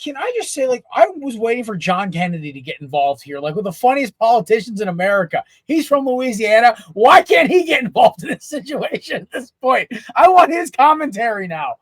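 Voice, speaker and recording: A man's voice: very high voice, very animated, fairly quick, hardly any pauses, dry recording. A man appearing as a guest on a sports podcast, talking in a rambling, giggly way with lots of fillers. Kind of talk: casual sports talk.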